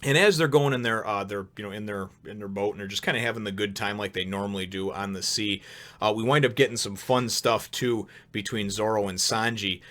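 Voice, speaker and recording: Man, lowish voice, casual reviewer, rambling, laughs a lot, excitable. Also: a little fast. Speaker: manga chapter reviewer, show host.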